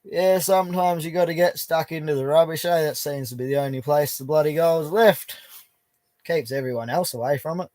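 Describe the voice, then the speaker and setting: Speaking briskly in a fairly high, slightly mellow voice, a young Australian prospecting livestreamer chats from his bush camp on a dry recording. He reads out viewers' comments casually, laughing readily.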